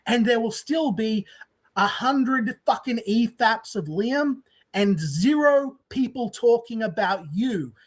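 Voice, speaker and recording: A man's voice: very high-pitched, animated, slow. A man ranting on a stream clip, contemptuous, profane and boastful. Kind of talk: ranting on a livestream.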